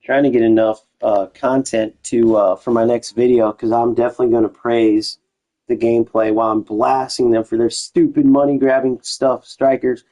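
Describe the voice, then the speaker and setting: A man's voice: mid-range voice, level tone, normal speed, warm tone, rough recording. A young man streaming a football video game, chatting loosely to his live chat, with casual slang and frequent restarts.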